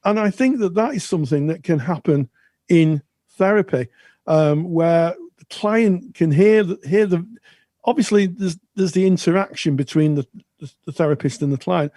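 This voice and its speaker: A man co-hosting a counselling podcast, speaking thoughtfully with frequent pauses and restarts. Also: high voice, mellow, dry recording, studio quality. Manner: thoughtful, halting with many restarts. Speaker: podcast co-host. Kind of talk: casual chat.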